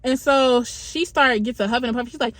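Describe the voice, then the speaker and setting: A woman's voice: a little high, a bit bright, no echo. Slangy young woman telling a story. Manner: slangy, profane, conversational retelling. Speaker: vlogger. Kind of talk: casual storytime.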